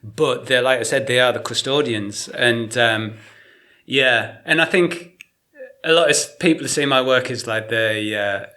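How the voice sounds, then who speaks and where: Brief: middle-aged English man, bright tone, mid-range pitch, rambling chatty podcast guest. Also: unhurried. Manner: rambling, animated, laughs often. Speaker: guest artist. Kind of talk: casual chat.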